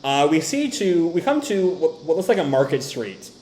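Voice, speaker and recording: Animated man in an echoey room. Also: a little high, moderate pace, slight background noise. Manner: animated, laughs often, tangents. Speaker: manga reaction host. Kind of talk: casual reading and commentary.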